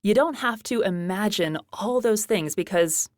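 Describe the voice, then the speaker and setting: A woman's voice: medium pitch, lively intonation, a little slow, darkish tone, no room sound. Friendly woman podcast co-host, dry studio. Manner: friendly, playful banter. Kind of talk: semi-scripted podcast chat.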